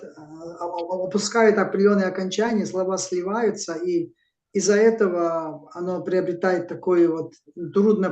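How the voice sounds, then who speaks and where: A man's voice: sits high, darkish tone, dull audio. A man whose first language is Russian, chatting on a call and asking questions with many fillers. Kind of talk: casual chat. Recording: echoey, from far off the mic.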